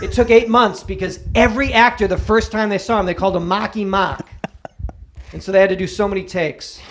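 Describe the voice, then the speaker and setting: A man with a strikingly high-pitched voice co-hosts a podcast. He riffs in loose, joking chat, breaking into mock voices now and then. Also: steady tone, a little fast, fairly bright tone, slight background noise. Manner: riffing, slipping into mock movie voices. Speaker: podcast co-host. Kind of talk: casual comedic chat.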